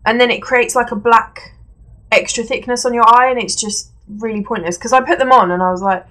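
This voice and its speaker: A woman's voice: on the high side, fairly even intonation, fairly quick, fairly bright tone. A young woman chatting casually through a beauty product review, rambling with fillers and self-corrections while seated indoors. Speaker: beauty vlogger. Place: indoors at home, seated on a creaky chair.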